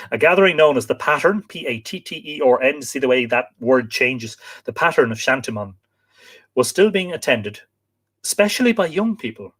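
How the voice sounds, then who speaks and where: A man's voice: medium pitch, a bit bright. Irish man reading aloud on a live stream. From Ireland. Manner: spells out place names letter by letter, chatty asides to viewers.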